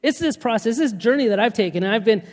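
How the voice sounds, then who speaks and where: A man's voice: sits high, quick pace. Pastor guy telling stories in a sermon, laughs a lot, echoey church. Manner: storytelling, animated, laughs often.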